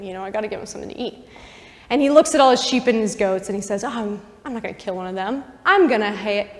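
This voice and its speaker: A woman voicing a solemn prophet who tells a parable in a hushed, drawn-out way. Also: mid-range voice, natural voice. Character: solemn storytelling male prophet. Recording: long chapel reverb.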